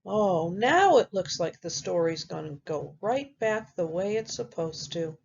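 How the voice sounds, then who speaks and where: A woman, a teacher, reading a picture book aloud to children in a gentle, expressive storytelling manner. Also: on the low side, measured pace, vocal fry, highs cut off, a little hiss or hum.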